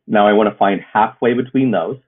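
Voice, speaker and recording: A man's voice: fairly low pitch, a little fast. A man teaching a math lesson, working through problems step by step in a recorded video. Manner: steady, step-by-step explaining. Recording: muffled phone-like audio.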